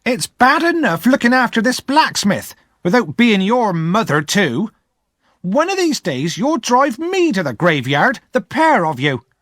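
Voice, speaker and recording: A man's voice: sits high, sing-song, a little slow, fairly bright tone, dry recording, studio quality, voice pushed up, full character voice. A man voicing a harsh, hard-tempered older woman who scolds sharply. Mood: scolding.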